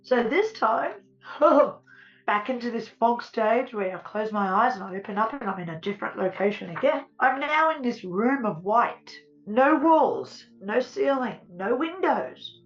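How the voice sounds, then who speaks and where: A woman with a fairly high voice gives a heartfelt first-person account, earnest and at times close to tears. The sound is slightly dull and lo-fi. Soft music plays faintly underneath. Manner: earnest, tearful at times, dwelling on feelings. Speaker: near-death experiencer. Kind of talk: emotional first-person testimony.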